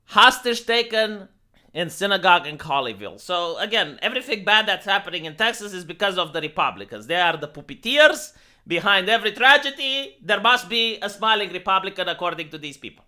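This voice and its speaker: Sharp-voiced streamer man. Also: sits high, sing-song, a little fast. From Romania. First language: Romanian. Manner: rambling, sarcastic, many restarts. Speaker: live streamer. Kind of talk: casual live stream commentary.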